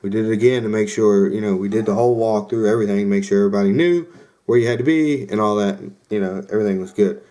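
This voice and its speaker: A man's voice: fairly low pitch, fast, mellow. Laid-back man telling a rambling story. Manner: rambling, many fillers and quoted asides. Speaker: podcast host. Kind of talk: casual storytelling.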